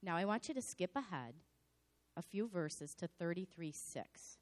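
A slightly hoarse woman pastor giving a sermon in a dramatic, animated storytelling manner. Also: lowish voice, unhurried.

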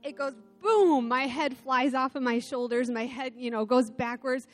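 A middle-aged woman preaching a sermon in church, telling a self-deprecating personal story with animated delivery. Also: high-pitched, normal speed, soft background music. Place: church sanctuary.

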